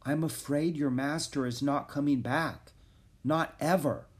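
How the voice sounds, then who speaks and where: A man's voice: fairly high pitch, expressive, creaky, voice pushed up. A man voicing Annie, a cheerful, kind young girl, in a storybook reading. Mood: gentle. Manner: bright, kind, quick to comfort.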